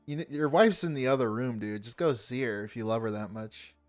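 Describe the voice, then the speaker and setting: A man's voice: mid-range voice, a little fast, soft background music. A man hosting a stream who reacts to a video with sarcastic, incredulous commentary and frequent laughs.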